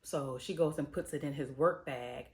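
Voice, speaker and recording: With a deep bass voice at ordinary speed, this female TV reviewer and host runs through an episode like she's telling a story. She keeps it colloquial and slangy, animatedly performing each character's dialogue in their own voice.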